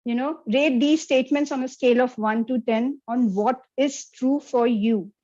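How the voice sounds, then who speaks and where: A woman gives an interactive lecture over a video call, her voice sitting a little high. She keeps turning to her listeners with questions. The call audio sounds dull and lo-fi. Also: normal speed, warm tone. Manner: interactive, checks in with the audience often. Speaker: workshop presenter. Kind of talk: online lecture.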